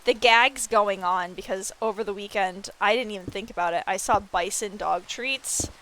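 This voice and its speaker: A woman streamer chatting casually while she plays a building game, telling stories with animated, excited quoted reactions and swearing freely. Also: mid-range voice, normal speed, a little hiss or hum. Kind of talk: casual chat while gaming.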